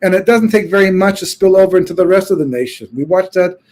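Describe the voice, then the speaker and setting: A man teaching a Torah class as a rabbi, telling the story in an animated way with quoted voices. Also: high-pitched, quick pace.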